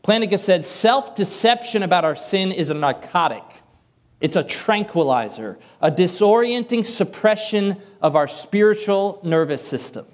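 A man's voice: high-pitched, lively intonation, normal speed. A man preaching a sermon in a conversational way, with light self-deprecating humor, from the Northern US.

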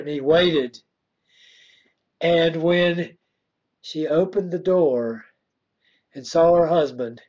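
A male pastor with a slightly high voice prays and then tells a story with careful, drawn-out pacing. The recording sounds dull and lo-fi, like an old church tape. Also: a little mellow. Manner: slow, deliberate storytelling with pauses. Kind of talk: sermon with prayer and storytelling.

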